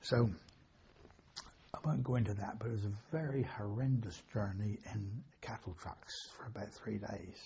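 A man's voice: lowish voice, moderate pace, creaky, mellow, highs cut off, a little hiss or hum. An older man, recalling wartime memories in a rambling, anecdotal way with chuckles and self-corrections. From England. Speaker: interviewee, war veteran. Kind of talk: oral history recollection.

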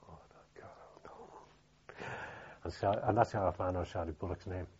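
An older man with a Liverpool accent tells his memories haltingly, with frequent restarts and fillers. His voice sits low and sounds husky. The recording is dull and lo-fi. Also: darkish tone. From Liverpool, England. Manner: halting, many restarts and fillers, plain-spoken. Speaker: veteran interviewee. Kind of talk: oral history recollection.

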